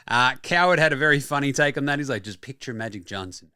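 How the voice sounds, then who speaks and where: An Australian man hosting a basketball show, talking casually and excitedly with frequent swearing and quick asides. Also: medium pitch, clear, resonant tone, no echo, studio quality. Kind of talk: casual sports talk.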